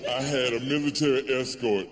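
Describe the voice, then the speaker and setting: A man's voice: medium pitch, steady tone, brisk. A man from Georgia with a Southern accent, telling stories as a stand-up comedian in a wry, profane way on a large theater stage. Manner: profane, wry, acts out the characters. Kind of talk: live stand-up storytelling. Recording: long hall reverb, faint room noise.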